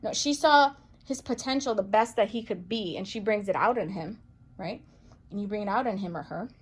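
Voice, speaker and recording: A woman reading tarot cards for viewers in a chatty, playful way, excitable and full of pet names. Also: medium pitch, fairly quick, slight background noise. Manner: playful, chatty, calls listeners baby girl and boo; excitable, gasps and exclaims over cards. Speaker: psychic medium tarot reader.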